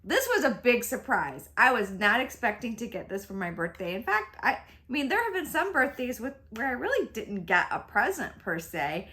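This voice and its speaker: A chatty, excitable woman in her fifties, vlogging casually to camera about beauty at home and laughing often. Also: on the high side, normal speed, hardly any pauses. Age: 50s.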